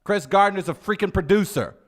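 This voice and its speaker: A man's voice: high-pitched, a little fast. A man in his thirties co-hosting a podcast, joking in a playful, mock-stern way. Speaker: podcast co-host. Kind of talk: casual comedic banter.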